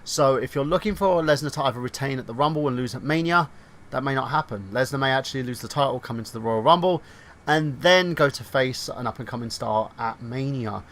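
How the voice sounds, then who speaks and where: A man in a middle pitch hosting a casual podcast. He talks loosely and rambles a bit, with frequent ums and restarts. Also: a little fast, fairly bright tone. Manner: loose, filler-heavy delivery. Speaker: podcast host.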